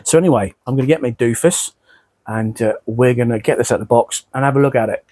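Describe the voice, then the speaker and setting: A man's voice: mid-range voice, fast talker, dark tone, a little hiss or hum. A middle-aged man, talking earnestly and casually to his viewers, often repeating himself and stumbling over his words. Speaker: model railway vlogger. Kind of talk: emotional casual talk to camera.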